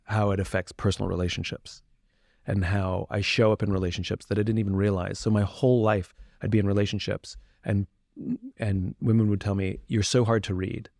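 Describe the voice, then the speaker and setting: A man's voice: on the low side, level tone, fairly quick, vocal fry, a little mellow, dry recording, studio quality. A man speaking as a podcast guest, talking candidly and reflectively about himself in conversation. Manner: candid, self-reflective, acts out quoted voices.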